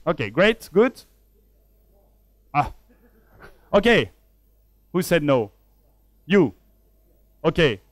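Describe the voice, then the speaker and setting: A man from Switzerland talks slowly through a live coding demo at a conference. He thinks aloud as he types and pokes fun at himself. The sound is close and dry, with almost no room echo. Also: on the high side, sing-song. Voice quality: measured, self-deprecating. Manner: thinks aloud while typing code. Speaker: conference speaker. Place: conference hall.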